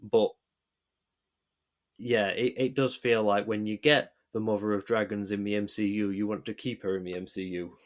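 Chatty man, halting restarts. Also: lowish voice, fairly even intonation. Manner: hesitant, many restarts, rambling analysis. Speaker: podcast co-host. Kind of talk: casual chat.

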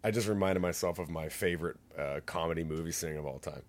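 A man's voice: sits low, quick pace. A man co-hosting a podcast, chatting casually and rambling with many fillers. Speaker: podcast co-host. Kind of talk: casual chat.

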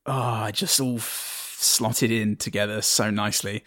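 A man's voice: lowish voice, steady tone, measured pace, a bit bright, no echo. Laughing man, dry close sound. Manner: rambling, laughs often. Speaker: tabletop game player. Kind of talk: casual podcast chat.

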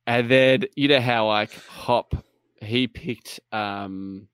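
A man in casual gaming chat, animated and swearing often, acting out little voices. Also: mid-range voice, slow, smooth, no echo, studio quality.

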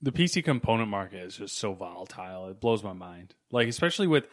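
A man's voice: fairly low pitch, very animated, fast talker. A young man co-hosting a casual gaming podcast, chatty and easygoing, with hesitant fillers. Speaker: podcast co-host. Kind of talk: casual gaming news chat.

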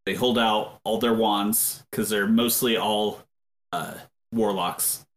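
A man narrating a tabletop game as game master in a relaxed storytelling way with fillers. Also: fairly low pitch, takes it slowly, reverberant.

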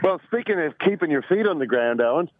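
A man's voice: on the high side, animated, fast talker. A man with an Irish accent calling in from an airport, telling a story with wry self-mockery over the phone. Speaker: podcast regular calling in from an airport. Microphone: phone line. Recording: tinny phone line.

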